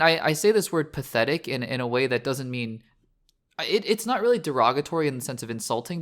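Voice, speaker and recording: A man's voice: medium pitch, fairly bright tone. A man hosting a podcast, talking through a TV finale in a rambling, earnest way, full of restarts and fillers. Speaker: podcast host. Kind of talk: casual spoiler discussion.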